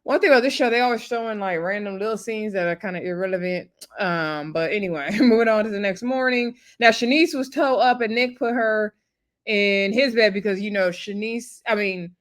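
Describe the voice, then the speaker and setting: Brief: woman vlogger, mid-pitch voice, loose chatty recap, animated and gossipy. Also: brisk. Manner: animated, gossipy, laughs often.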